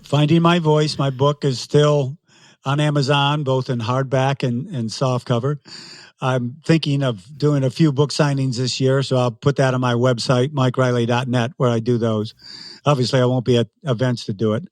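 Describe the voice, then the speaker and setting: A man's voice: mid-range voice, fairly even intonation, moderate pace, darkish tone, no room sound. A man in his sixties, a guest in an interview, telling stories animatedly and laughing often. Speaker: guest, race announcer. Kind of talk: casual interview storytelling.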